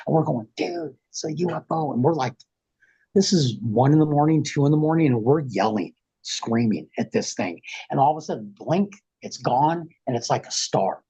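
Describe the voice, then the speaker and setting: A middle-aged man on a podcast, rambling through an animated, slangy story and acting out what people said. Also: medium pitch, moderate pace, husky. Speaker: podcast guest. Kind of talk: casual storytelling.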